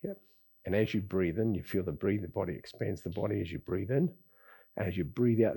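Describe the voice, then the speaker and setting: A man teaching a qigong class, talking in an easygoing, rambling way with sighs and soft chuckles. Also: deep voice, fast, creaky, slightly rough. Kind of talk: relaxed spoken class talk. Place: lives in Bali.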